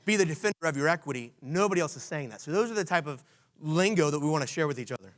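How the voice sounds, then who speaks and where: A man with a high, raised voice, hosting a conference session. He coaches a live audience energetically and keeps quizzing the room with questions. He comes from Washington, D.C. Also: lively intonation, fast talker, a bit bright. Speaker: conference host.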